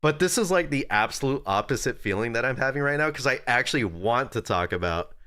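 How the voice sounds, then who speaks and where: A young man chatting casually on a live stream, rambling and joking with his viewers. His pitch swoops up and down constantly, and the sound is dry and close. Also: expressive, brisk, bright, forceful tone, dry recording. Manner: rambling, jokey, talks to chat. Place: at a desk indoors.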